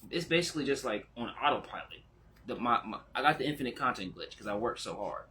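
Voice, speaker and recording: Bright-voiced excitable male spiritual teacher. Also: slight background noise. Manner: excitable, laughing, jumps into high exclamations; slows down and goes quiet when reflective. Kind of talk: casual spiritual vlog talk.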